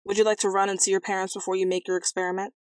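A woman voicing a hot-tempered, blustering old king in a storybook reading, with loud huffy outbursts. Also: medium pitch, little pitch movement, racing, dry recording, natural voice.

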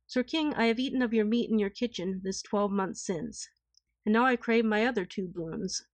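A woman's voice: mid-range voice, moderate pace, no room sound, natural voice. A woman voicing a humble, steadfast young knight in a storybook reading. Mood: earnest. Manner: earnest, resolute.

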